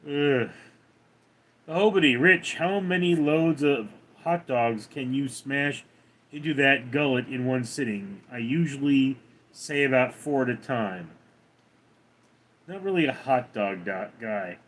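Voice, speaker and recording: A man's voice: medium pitch, unhurried, fairly bright tone, a little hiss or hum. A man hosting a casual livestream, reading out chat names and answering them one by one in a drawl.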